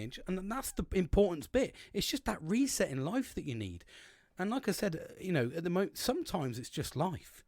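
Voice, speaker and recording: A man's voice: fairly high pitch, sing-song, moderate pace, a little mellow, no echo, studio quality. A man in his forties, hosting a podcast in a casual solo monologue, rambling and swearing with many restarts. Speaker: podcast host.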